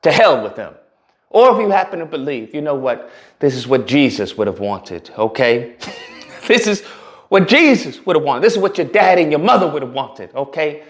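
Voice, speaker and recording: Guy with a kinda high voice ranting on his vlog, sarcastic and emphatic, says stuff twice. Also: sing-song, moderate pace. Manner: emphatic, sarcastic, repeats himself. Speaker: channel host. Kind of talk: commentary vlog.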